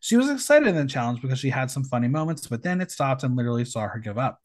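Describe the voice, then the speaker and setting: A man's voice: medium pitch, big pitch swings, quick pace. A man hosting a podcast, recapping a show in casual chat and reading out judges' comments with emphatic, campy delivery. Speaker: podcast host.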